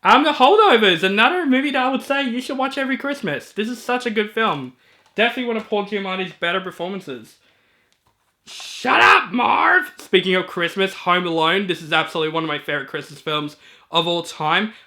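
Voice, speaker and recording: A man with a high, bright and forward voice walks through his movie shelf in a casual video. He is chatty and eager, dropping ums and quick asides between titles. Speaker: movie reviewer. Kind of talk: casual collection walkthrough.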